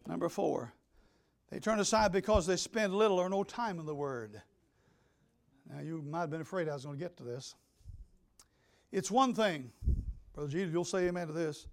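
A pastor preaching an emphatic sermon, swinging between loud declarations and hushed asides. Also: male voice, high-pitched, lively intonation, moderate pace, gravelly, long pauses.

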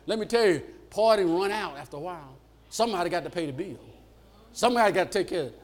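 A man preaching a sermon in an animated call-and-response style, acting out the voices in the stories he tells. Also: high-pitched, quick pace.

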